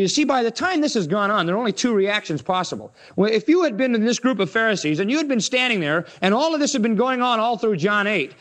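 A man preaching a sermon and retelling a Bible story dramatically, raising his voice for the opponents and dropping it low and quiet for the weighty lines. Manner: dramatic retelling, acts out the Pharisees in a raised voice.

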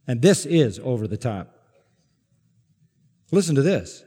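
A man preaching an expository sermon to a congregation, emphatic and climbing to forceful peaks on key words. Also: medium pitch, big pitch swings, unhurried, slightly rough. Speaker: pastor. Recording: long hall reverb.

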